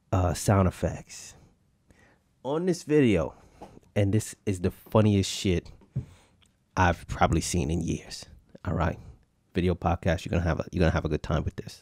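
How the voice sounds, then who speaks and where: A man's voice: low voice, dark tone, dry recording. A man hosting a podcast in casual chat, reacting to clips in a slangy style and often breaking into laughter. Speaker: podcast host.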